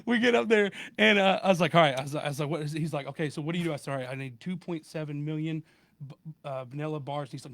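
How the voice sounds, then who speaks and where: A man in a casual podcast chat with friends, telling a story in an animated way and acting out both sides of phone calls. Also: a little high, rapid-fire, no room sound. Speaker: podcast co-host.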